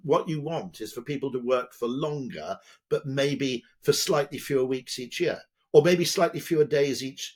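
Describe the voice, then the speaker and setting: An older man with a British accent talks as a podcast guest, rambling from point to point. His voice is husky, and his pitch swoops up and down with a lot of energy. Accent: British English. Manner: animated, digressive, tags lines with "okay?". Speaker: guest, advertising executive. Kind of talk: lively podcast conversation.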